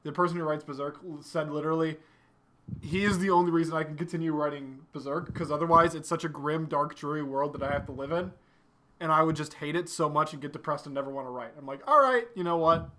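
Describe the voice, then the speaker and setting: Young man, high voice, bright tense tone, casual anime chat, opinionated, laughs a lot. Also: fairly even intonation, quick pace. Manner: blunt, opinionated, laughs often. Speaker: anime podcast co-host.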